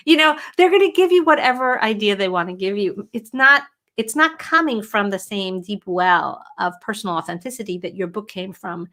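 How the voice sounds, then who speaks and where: A middle-aged woman hosting a casual livestream from home as a writing coach, talking in a chatty, animated way and answering viewer questions. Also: medium pitch, moderate pace, hardly any pauses. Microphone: webcam or computer mic at home.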